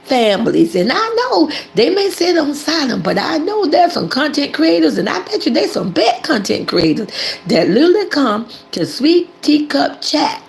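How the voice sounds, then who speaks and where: Lively older woman with a gravelly voice. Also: sits high, moderate pace. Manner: animated, preachy, talks about herself in third person. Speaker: commentary channel host. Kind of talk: casual livestream commentary.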